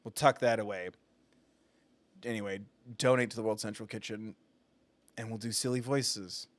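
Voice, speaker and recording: A man's voice: on the low side, steady tone, moderate pace, no echo. A man streaming a game live, chatting casually and self-deprecating, laughing often. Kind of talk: casual live gameplay commentary.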